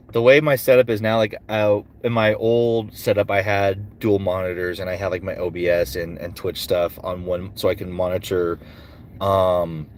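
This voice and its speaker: A man who is a voice actor and streamer, answering chat comments aloud in a relaxed livestream Q&A full of fillers. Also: sits low, a little hiss or hum.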